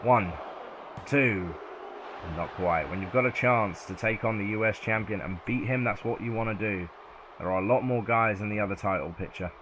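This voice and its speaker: Excitable southern English man calling play-by-play. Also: on the low side, normal speed, noisy background. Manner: excitable, yells at near-falls. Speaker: video game commentator. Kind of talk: play-by-play game commentary.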